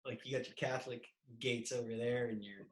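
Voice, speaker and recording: Relaxed, rambling male guest. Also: medium pitch, a little fast, poor audio. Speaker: podcast guest. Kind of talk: casual video call chat.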